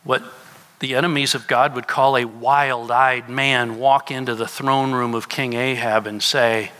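A man's voice: medium pitch, little pitch movement, measured pace, bright, forceful tone. A middle-aged man, a pastor, preaching a sermon and asking his congregation questions as he teaches. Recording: long reverb of a large hall.

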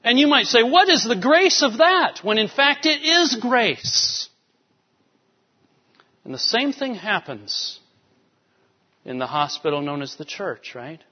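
A male pastor giving an animated sermon, swinging between soft, quiet lines and emphatic rises. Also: very high-pitched, slow, pauses often. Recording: dull sound with long hall reverb.

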